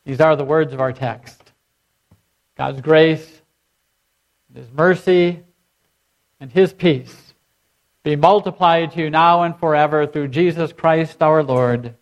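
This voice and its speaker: A man's voice: fairly high pitch, takes it slowly, long pauses, lo-fi sound. A man preaching a sermon as pastor, leading his congregation in call and response. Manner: leads the congregation in repeated chanted responses.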